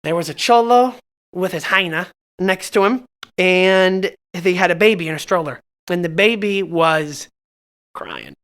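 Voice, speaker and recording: A young man from Southern California telling stories on a podcast, halting and self-mocking, with lots of restarts. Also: high voice, lively intonation, fairly bright tone. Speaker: podcast storyteller. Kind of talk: casual podcast chat.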